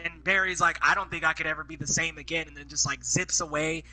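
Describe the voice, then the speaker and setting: A man's voice: on the high side, flat delivery, fast talker, pushed and bright, rough recording. A man co-hosting a casual podcast, blunt and dismissive, with slangy swearing. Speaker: podcast co-host.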